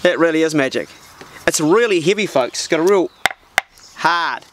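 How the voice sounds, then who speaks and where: Opening packages for his vlog at an old farmhouse, a New Zealand man chats in a blokey, slangy manner. His voice is a touch high and lively in intonation, his pace moderate, and there's noise in the background.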